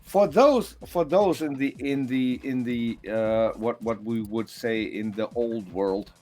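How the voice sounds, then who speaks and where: Guy on a quiz call, average pitch, keeps restarting sentences, faint music behind. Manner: halting, restarts, loud bursts. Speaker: quiz guest. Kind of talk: casual group chat.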